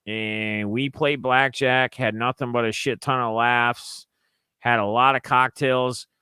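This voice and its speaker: A man's voice: medium pitch, fairly even intonation, takes it slowly, bright, forceful tone, clear, resonant tone, no echo. A young man from Minnesota casually recapping a trip, rambling and acting out his friends' lines in raised voices. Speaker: sports card collector vlogger.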